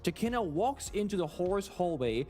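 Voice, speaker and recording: A man's voice: high voice, big pitch swings, normal speed, a little mellow. A man analysing gameplay and asking detailed questions on an esports broadcast. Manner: detailed, inquisitive.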